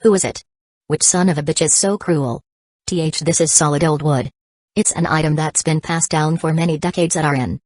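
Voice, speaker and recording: A woman's voice: low voice, normal speed, darkish tone, dry recording. A woman reading a furious cursing innkeeper. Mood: angry. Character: angry male innkeeper, cursing.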